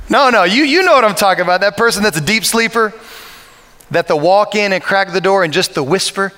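Man preaching, bright forceful tone, echoey hall, playful and chatty. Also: high-pitched, brisk. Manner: humorous, lively, anecdotal preaching with audience questions. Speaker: pastor. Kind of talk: sermon.

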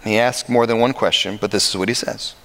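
Man preaching, bright forceful tone, echoey hall, playful and chatty. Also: fairly low pitch, brisk, creaky. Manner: humorous, lively, anecdotal preaching with audience questions. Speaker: pastor. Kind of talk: sermon.

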